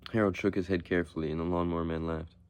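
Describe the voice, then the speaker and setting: Male narrator, low voice, steady audiobook reading of a short story. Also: clear, resonant tone.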